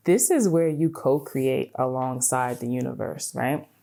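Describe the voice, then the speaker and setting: A woman hosting a podcast, giving an animated, casual motivational talk, swearing freely and checking in with "right?". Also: a bass voice, a little slow, vocal fry. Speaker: podcast host.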